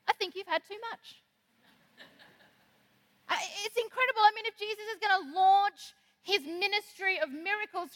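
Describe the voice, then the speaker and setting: A woman preaches in a chatty, animated way. Her voice sits high and sounds bright and clear. A long reverb trails her words through the hall. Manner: animated, conversational, acts out quoted lines. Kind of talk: sermon.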